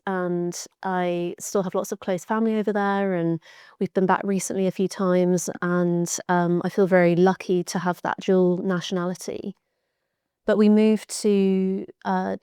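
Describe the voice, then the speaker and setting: A woman's voice: medium pitch, dark tone, smooth, no room sound, clean studio sound. A young woman, an author and science communicator, telling her story in a chatty, reflective way as a podcast guest. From Devon, England (born in Georgia, USA). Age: young adult. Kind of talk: podcast interview.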